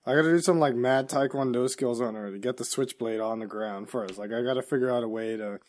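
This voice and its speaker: A man answers a game master's scenario, thinking aloud with many fillers. His voice sits at a middle pitch. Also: fast, darkish tone. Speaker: player.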